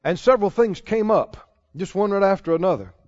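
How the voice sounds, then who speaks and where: A man's voice: high-pitched, expressive, brisk, a little mellow. A man preaching a sermon, stretching out his key phrases for emphasis and chuckling now and then. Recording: dull lo-fi sound.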